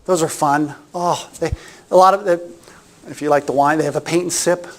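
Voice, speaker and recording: A man's voice: fairly high pitch, fairly even intonation, fairly quick. A middle-aged man giving a casual workshop talk, chatty and anecdotal, often restarting his sentences. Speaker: workshop presenter.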